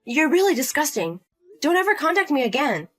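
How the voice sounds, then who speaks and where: A woman's voice: sits high, big pitch swings, brisk, soft background music. A woman voicing a fed-up young wife who answers bluntly and sharply. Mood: disgusted. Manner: sharp, blunt, repeating herself. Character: fed-up young wife standing her ground.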